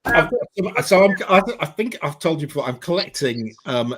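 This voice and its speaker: A man's voice: fairly high pitch, sing-song, brisk, fairly bright tone, slightly rough. A man talking casually in a group video chat, describing collectibles as he shows them and laughing easily. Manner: chatty, describes items he shows. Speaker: guest on a video chat show.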